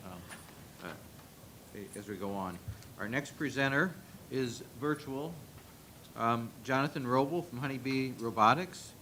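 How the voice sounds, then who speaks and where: A man moderating a workshop session, introducing the next presenter in a deliberate, halting way. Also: poor audio. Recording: loud rumbling noise behind.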